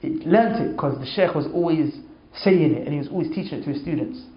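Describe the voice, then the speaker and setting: A man giving an informal religious talk, storytelling emphatically and repeating oaths for stress. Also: fairly quick. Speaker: Islamic speaker. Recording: echoey, dull low-fi sound.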